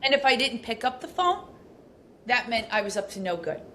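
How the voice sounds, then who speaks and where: A middle-aged woman, a podcast guest telling stories in a casual, animated way, full of fillers. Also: on the high side, moderate pace, slight background noise. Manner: animated, acts out quoted speech, frequent fillers. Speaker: podcast guest, abuse recovery coach. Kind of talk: casual storytelling interview.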